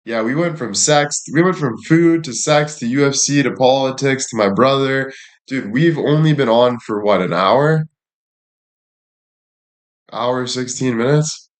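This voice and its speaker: A man's voice: medium pitch, a little slow. Rambling, foul-mouthed man telling stories on stream. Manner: rambling, storytelling, frequent swearing. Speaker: livestream host. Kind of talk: casual chat with stream viewers.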